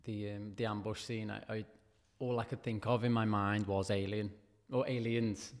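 A man in a casual chat, calmly looking back on an early script read-through. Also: fairly low pitch, moderate pace.

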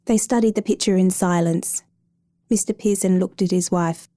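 A woman reading a story aloud, narrating as an adoption caseworker, in a calm, measured way. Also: mid-range voice, dry recording.

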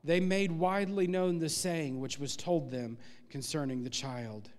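A man preaching a sermon as pastor of a church, animated and rising in force on key points. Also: on the high side, measured pace, in a large hall. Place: church sanctuary.

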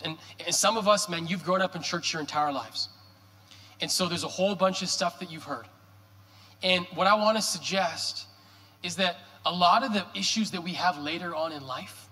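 Bright high-voiced preaching pastor. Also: male voice. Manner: animated, joking preacher with rhetorical questions. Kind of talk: sermon. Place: church sanctuary. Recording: reverberant church hall.

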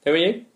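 A man's voice: very high voice, pushed and bright. A young man hosting a casual comedy podcast, reading a story aloud and mocking it with frequent laughter and swearing. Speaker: podcast host.

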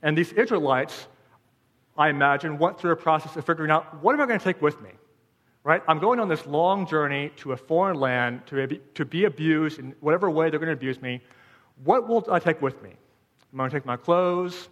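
A man's voice: on the high side, fairly quick, a bit bright, long reverb tail. A man preaching a sermon as pastor, asking rhetorical questions and repeating phrases for emphasis.

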